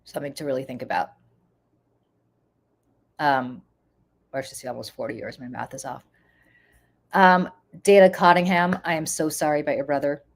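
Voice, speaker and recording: A woman's voice: deep voice, steady tone, moderate pace, long pauses. A woman with a congested voice, giving casual live-stream political commentary and chatting with viewers, with frequent ums.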